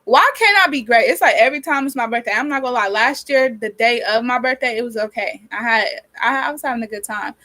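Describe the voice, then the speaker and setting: A nineteen-year-old woman chats straight into the camera from a small cold bedroom, rambling and venting with heavy swearing. Her voice sits a little high, and her irritated nose keeps her sniffling as she talks. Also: fast, hardly any pauses, bright, forceful tone, rough recording. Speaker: vlogger. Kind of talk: casual chat while doing her hair. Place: small cold bedroom with a space heater running.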